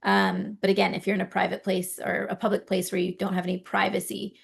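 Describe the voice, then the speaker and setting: A woman coaching a live tapping session, gently guiding listeners through each point and encouraging them as she goes. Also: mid-range voice, monotone, brisk, vocal fry, husky. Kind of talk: guided tapping lesson, live.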